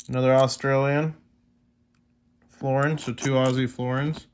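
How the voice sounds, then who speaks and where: A young coin-collecting vlogger chats casually to his viewers during an unboxing, easily amazed and constantly turning to them with questions and exclamations. His mid-range voice has a fairly bright tone, and he speaks a little slowly with frequent pauses. There's slight background noise.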